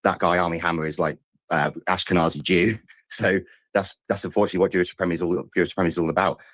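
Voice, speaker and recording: Caller: British man, very low voice, rapid stammering delivery, dry close sound. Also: fairly even intonation, fairly bright tone, dry recording. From Britain. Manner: rushed, stammering, repeats words. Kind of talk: call-in rant.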